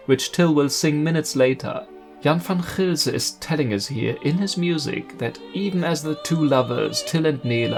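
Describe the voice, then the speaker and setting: A man narrates about opera in an earnest, measured way, and his voice has a rough, gravelly edge. He sits at a middle pitch for a man. Faint music plays softly behind him. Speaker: video essayist.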